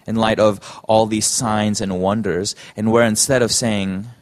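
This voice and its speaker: Lower-voiced man preaching a sermon. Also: flat delivery. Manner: earnest, halting with frequent restarts.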